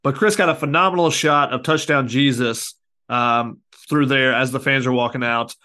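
An easygoing man co-hosts a casual sports podcast. His voice has a middle pitch, and he talks in a relaxed, conversational manner. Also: normal speed. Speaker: podcast co-host, sports reporter.

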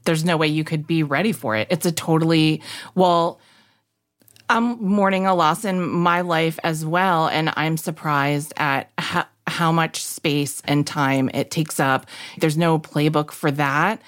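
A woman with a low, deep voice co-hosts a casual podcast. She talks in a steady, reassuring manner, laying out her thoughts calmly to her guest. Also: measured pace. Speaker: podcast co-host.

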